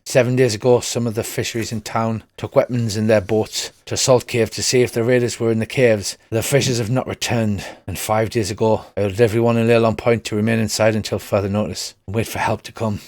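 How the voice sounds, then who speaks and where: A man's voice: on the low side, dry recording, clean studio sound, close to an everyday voice. A man voicing a nervous old male village headman who begs adventurers for help, in a tabletop game.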